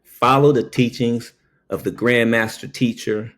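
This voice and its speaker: Male storyteller, mid-range voice, slow and deliberate. Tag lines with "okay?" and jump high for quoted voices. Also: steady tone, fairly bright tone. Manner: slow, keeps saying "okay?" between phrases; acts out quoted voices with sudden high pitch. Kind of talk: casual storytelling monologue.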